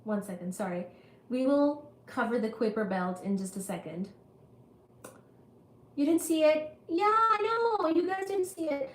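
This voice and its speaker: A woman on a livestream talks to her viewers at an unhurried pace, in a slightly high voice, apologizing and chatting while she recovers from being sick. Her voice rings in an echoey room with a faint hum behind it. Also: animated. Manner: chatty and apologetic, reads viewer comments aloud. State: recovering from illness. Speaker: livestream host teaching physics. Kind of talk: casual livestream chat with viewers.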